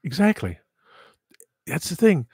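Husky-voiced man rambling on a livestream. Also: fairly high pitch, sing-song, a little slow, darkish tone, dry recording, studio quality. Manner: rambling, frank, swears freely. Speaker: livestream podcast host. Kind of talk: casual rambling livestream chat.

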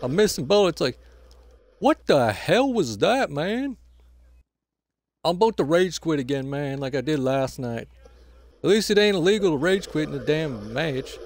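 Filling in for the channel owner, a man gives casual gameplay commentary, grumbling, swearing and trash-talking opponents, and adding "man" to nearly every phrase. His voice is fairly high and animated at normal speed, with long pauses and a dry recording.

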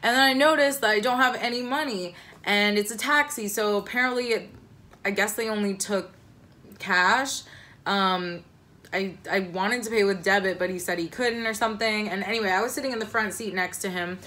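A young woman with a bright, forward voice at a middle pitch tells a story to camera in a loose, rambling way. She swears freely and fills gaps with likes and ums. When she quotes herself, her voice jumps shrill and loud. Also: normal speed. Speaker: vlogger telling a personal story. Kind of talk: casual storytime monologue.

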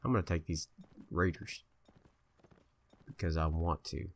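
A man casually commentating his own strategy game play, chatty and indecisive, bossing his troops around out loud. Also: low voice, a little slow. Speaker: gameplay video host.

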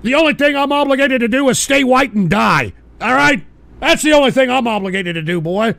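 A man with a high, gravelly voice rants on his internet radio show. He is profane and combative, keeps pushing tag questions at his listeners, and suddenly shouts. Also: expressive, brisk, no echo. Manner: repeats insistent tag questions. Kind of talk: live-streamed ranting monologue.

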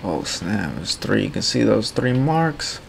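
A man's voice: lowish voice, very animated, a little slow, vocal fry, a little hiss or hum. A man giving casual, rambling commentary while playing a game. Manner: rambling, loose and chatty. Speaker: gaming streamer.

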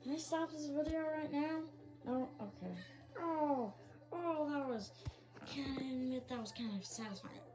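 A performer voicing Yoshi, a small dinosaur creature, hosting a reaction video and groaning and pleading at each clip, with a slightly rough morning throat. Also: high voice, unhurried, music in the background. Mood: dismayed. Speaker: reaction channel host.

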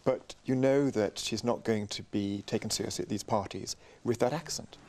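A man working as an etiquette tutor on a reality TV show, coaching with a fussy, wry, gently teasing manner. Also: fairly low pitch, normal speed. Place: restaurant dining table. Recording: busy crowd chatter around. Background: diners chattering.

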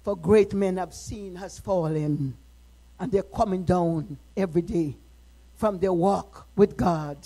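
A middle-aged woman minister preaching a sermon, moving from quiet, personal talk to impassioned shouting. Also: mid-range voice, expressive, unhurried, poor audio.

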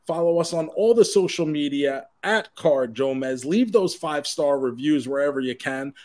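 A man's voice: fairly high pitch, animated, normal speed, a little mellow. A man co-hosting a casual podcast, joking around easily and reading out the show's closing plugs. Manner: easygoing, joking, wraps up the show with plugs. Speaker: podcast co-host. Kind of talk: casual chat.

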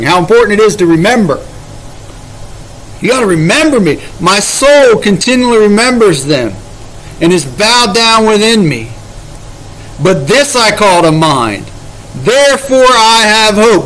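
A man's voice: high-pitched, a bit bright, rough recording. A man leading a casual Bible study, paraphrasing scripture in everyday words with emphatic, conversational delivery.

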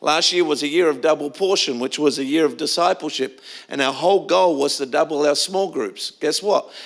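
A man's voice: on the high side, moderate pace, creaky. A middle-aged man preaching a sermon in a church, telling stories in a conversational way with frequent restarts. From Australia. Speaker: pastor.

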